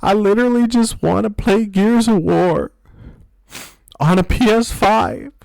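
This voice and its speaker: A young man ranting casually about a video game, profane and excitable, rambling and restarting his sentences. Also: high voice, a little slow, vocal fry, dry recording. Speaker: gaming video host.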